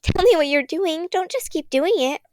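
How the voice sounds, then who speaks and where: A woman voicing a chirpy, pestering little sister who sings her words in a teasing lilt, higher than her own voice. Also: animated, normal speed, a little mellow, no room sound. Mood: eager. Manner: sing-song, teasing.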